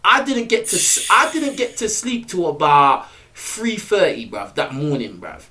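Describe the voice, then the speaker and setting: A man's voice: a little high, big pitch swings, unhurried, bright, forceful tone, faint music behind. A young man from England with an English accent, telling a boastful story in casual slang and laughing often. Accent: English, London slang. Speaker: storyteller host.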